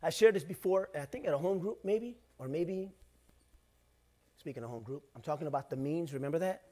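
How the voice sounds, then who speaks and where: A middle-aged man, the pastor, preaching a sermon in a conversational way, swinging between loud bursts and hushed asides. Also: a little high, lively intonation, fairly quick.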